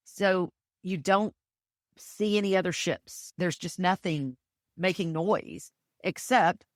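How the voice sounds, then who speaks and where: A woman's voice: medium pitch, no room sound, studio quality. A woman from Texas chatting as a podcast guest, telling her stories enthusiastically with plenty of fillers. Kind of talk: casual interview chat.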